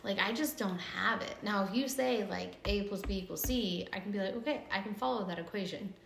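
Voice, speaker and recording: A woman's voice: medium pitch, fairly quick, vocal fry, a bit bright, slight background noise. Chatty woman host in an echoey room. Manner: chatty storyteller, fills speech with "like". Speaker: podcast host. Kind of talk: casual chat.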